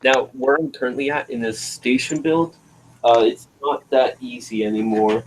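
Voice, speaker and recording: A man's voice: medium pitch, steady tone, moderate pace, slight background noise, low-quality recording. A man hosting a casual stream, talking in a laid-back way and thinking aloud while he builds. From northeastern Pennsylvania, USA. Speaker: stream host building a toy train station. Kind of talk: casual chat.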